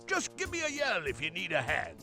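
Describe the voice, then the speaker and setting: An actor voicing a friendly male shopkeeper in a video game, with a creaky voice and an easygoing, matey manner. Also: huge pitch swings, fairly quick, soft background music, exaggerated voice. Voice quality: creaky, bright, high. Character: friendly male Australian outback trader.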